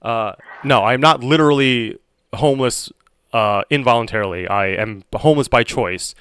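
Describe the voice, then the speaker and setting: A male streamer chats on a call while he plays, deadpan and teasing, growing exasperated. His voice sits at a middle pitch. The sound is dry and close. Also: normal speed, smooth, no room sound.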